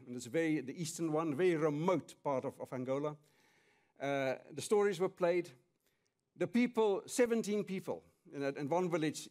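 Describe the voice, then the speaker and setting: A man's voice: a little high, darkish tone. A man presenting at a conference, speaking in an earnest, enthusiastic way.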